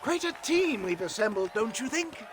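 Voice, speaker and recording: A man's voice: very high-pitched, big pitch swings, normal speed, background noise. A pompous showman swindler. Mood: grandiose. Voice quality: pompous, flowery. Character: pompous con-man showman, grandiose. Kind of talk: video game cutscene acting. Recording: game audio with music behind.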